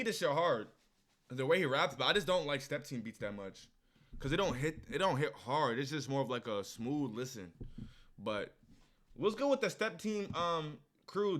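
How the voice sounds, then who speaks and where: A young man streaming a casual music reaction, excitable and loud, swinging between low mumbles and sudden shouts.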